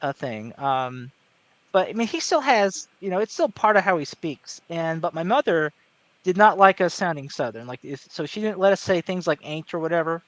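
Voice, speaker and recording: A man speaking in an articulate, measured way during a casual panel chat, with no regional accent. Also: fairly high pitch, expressive, no echo. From American South. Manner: articulate, measured, with many fillers and restarts. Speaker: panel guest.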